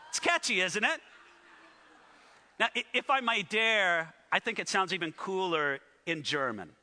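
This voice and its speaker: High, bright-voiced man preaching in a hall. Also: measured pace. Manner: animated storytelling with asides to the audience. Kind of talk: sermon. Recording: echoey hall.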